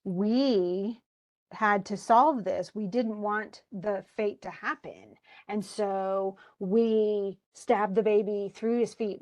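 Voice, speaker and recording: A woman teaching a class, retelling a play in a lively, casual way with slangy asides. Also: medium pitch.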